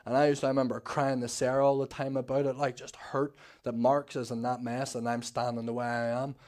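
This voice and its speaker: A man's voice: medium pitch, little pitch movement, brisk, a little mellow. A Northern Irish man giving a rambling personal testimony at a church service, slightly nervous, full of fillers and restarts. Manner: rambling, many fillers and restarts, acts out quoted talk. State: a bit nervous.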